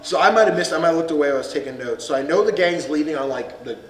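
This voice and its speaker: Podcast host guy, kinda high voice, laughs a lot while retelling a movie, sounds far off in an echoey room. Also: lively intonation, very fast, a crowd in the background. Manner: laughing, loose storytelling with quoted voices. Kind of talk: casual movie recap. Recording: echoey room, far from mic, faint noise.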